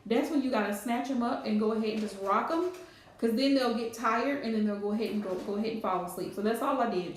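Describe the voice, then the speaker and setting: A woman, chatting casually on a live stream with playful scolding asides. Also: on the high side. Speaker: livestream host. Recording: very echoey room.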